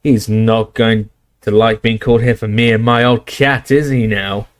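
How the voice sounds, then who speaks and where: A man voicing a gruff, belligerent old barman who bellows and scoffs. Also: on the low side, fairly even intonation, normal speed, lightly acted. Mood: defiant, roaring. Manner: bellowing, scornful, defiant.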